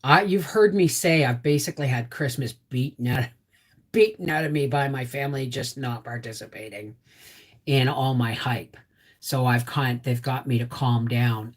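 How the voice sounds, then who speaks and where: A woman's voice: very deep voice, normal speed. A middle-aged woman hosting a casual homestead live stream, chatting with viewers and reading out their names. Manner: chatty, reads out viewer names, gets emotional. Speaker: homestead channel host.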